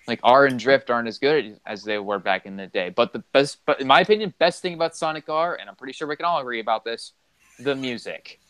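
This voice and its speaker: A man's voice: mid-range voice, quick pace, fairly bright tone, low-quality recording. A man co-hosting a casual gaming chat, rambling through game trivia with lots of fillers. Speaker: co-host.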